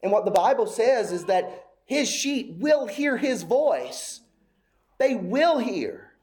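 A man's voice: sits high, very animated, slow pace, darkish tone. A man preaching a sermon with an emphatic, repetitive cadence, apparently in a church sanctuary.

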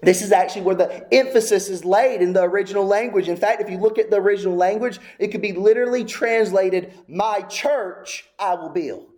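Male pastor, high-pitched, emphatic sermon delivery with repetition and plain-spoken asides. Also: quick pace, hardly any pauses, darkish tone. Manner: emphatic preaching with repeated phrases; drops into casual asides.

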